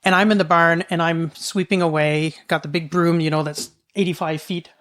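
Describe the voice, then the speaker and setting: A middle-aged woman co-hosting a podcast, telling a childhood farm story in a casual, animated way. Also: lowish voice, moderate pace, slight background noise. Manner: animated storyteller, shrieks when quoting her mother. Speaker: podcast co-host.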